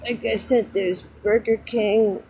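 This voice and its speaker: A woman's voice: medium pitch, steady tone, slow pace, background noise. A woman livestreaming casual chat from outdoors near a road, rambling and correcting herself, close to tears with frustration.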